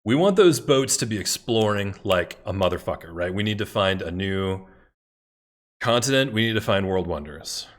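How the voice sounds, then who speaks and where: A man giving casual, excitable commentary while playing a strategy game, muttering to himself and swearing when things go wrong. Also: lowish voice, moderate pace. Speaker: gameplay commentator.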